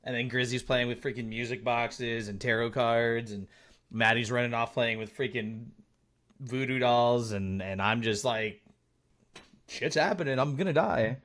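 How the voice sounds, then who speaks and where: A man's voice: medium pitch, flat delivery, moderate pace, a bit bright. A male game streamer chatting casually while playing, thanking viewers and teasing his friends. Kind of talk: casual live-stream chat while gaming.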